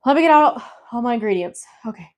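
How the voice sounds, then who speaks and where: A woman's voice: on the high side, expressive, fast talker, a little mellow, muffled recording. Breathless, chatty woman cooking vlog. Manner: chatty and frazzled, talking to herself while gathering things. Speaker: vlogger. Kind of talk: casual cooking vlog chat. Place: home kitchen.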